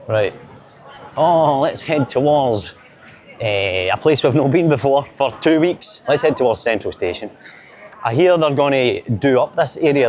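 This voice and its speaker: Walking busy city streets outdoors, a Glaswegian Scottish man films a casual vlog to camera in a mid-range voice. His delivery is full of chatty, joking, rambling banter.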